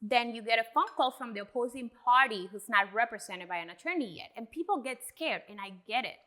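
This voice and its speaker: A woman's voice: on the high side, animated, fairly quick, sharp tone. A woman attorney co-hosting a podcast, speaking emphatically and mixing in Spanish phrases in a casual chat.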